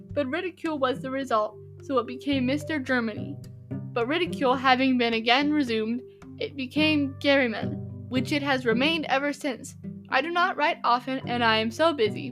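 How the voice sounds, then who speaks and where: A woman reading the part of a lively schoolboy reading his cheeky letter aloud. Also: sits high, lightly acted.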